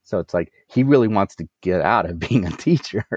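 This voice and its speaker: A man giving energetic business advice as a coach, asking rhetorical questions and laughing at himself. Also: low-pitched, fairly quick, no echo, muffled recording. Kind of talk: casual business interview.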